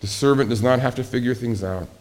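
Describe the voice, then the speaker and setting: A man's voice: mid-range voice, quick pace, a little mellow. A man preaching a sermon as pastor, speaking conversationally, asking the congregation questions and acting out quoted voices.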